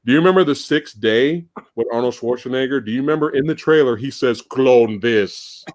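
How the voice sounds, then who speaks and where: A man hosting a live movie podcast in casual chat, animated and profane, laughing often. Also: mid-range voice, quick pace, no echo, clean studio sound. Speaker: podcast host.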